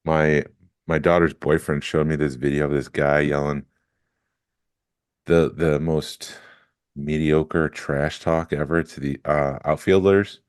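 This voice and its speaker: A man chatting casually on a podcast with a very deep, low voice. The recording is dry and close. He tells long, rambling stories at an easy conversational pace. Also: steady tone, slow, clean tone, no echo. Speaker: podcast co-host. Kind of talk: casual chat.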